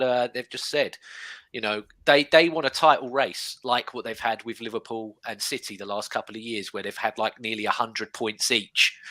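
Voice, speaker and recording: Cohost, thirties man, bright forceful voice, run-on explainer. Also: medium pitch, no room sound. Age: 30s. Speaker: podcast co-host. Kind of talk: casual football chat.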